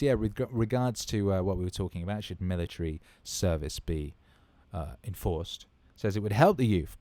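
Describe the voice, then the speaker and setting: A man's voice: lowish voice, a little mellow, dry recording. A man in his thirties hosting a casual livestream Q&A, rambling enthusiastically and swearing freely. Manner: enthusiastic, repeats words for emphasis. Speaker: livestream Q&A host.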